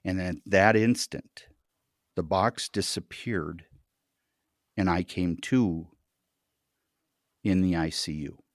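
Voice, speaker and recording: A man telling a deeply personal story as a podcast guest, earnest and halting, often repeating words as he restarts. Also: no room sound, clean studio sound.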